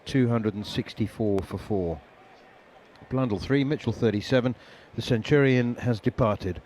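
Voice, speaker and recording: A man calls a cricket match on the radio in a medium-pitched voice. His delivery is chatty, with frequent uhs and easy laughter. A faint noise sits under the recording. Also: moderate pace, darkish tone. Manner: chatty, laughs easily, many ums and uhs. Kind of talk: ball-by-ball radio commentary.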